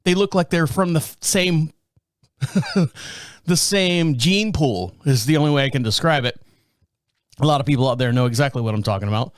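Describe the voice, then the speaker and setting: Casting note: male podcast host, somewhat high voice, animated storyteller who chuckles as he goes, dry close mic. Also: moderate pace, pauses often, no echo. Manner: animated, chuckling, acts out quotes. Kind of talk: casual storytelling.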